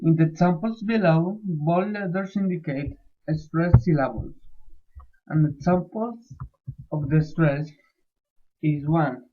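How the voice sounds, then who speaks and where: A man with Spanish as his first language talks through a class presentation at a slow, halting pace, stepping through numbered points. His voice sits a touch high for a man. The sound is thin and narrow, like a phone line. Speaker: student presenter.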